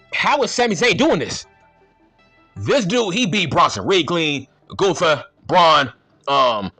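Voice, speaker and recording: A wrestling show reviewer rants in a casual, exasperated, profane way, repeating his points. His voice sits high and is bright, forceful, and slightly husky.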